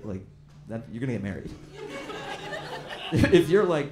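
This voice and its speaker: A male stand-up comic working a club stage, his voice swinging widely up and down as he drives toward punchlines. The room rings back around him, and a steady noise from the audience sits under every line. He slips into quick acted-out voices between plain conversational stretches. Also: medium pitch, roomy sound. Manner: conversational, rising into loud punchlines and acted-out quotes. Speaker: stand-up comedian. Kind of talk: stand-up comedy set. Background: audience laughter.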